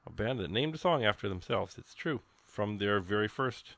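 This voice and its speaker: A man's voice: on the low side, normal speed, vocal fry, hardly any pauses, a bit bright, no echo. A man hosting a radio show, chatting casually in a rambling, folksy way with plenty of ums and uhs. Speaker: radio host. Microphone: studio microphone.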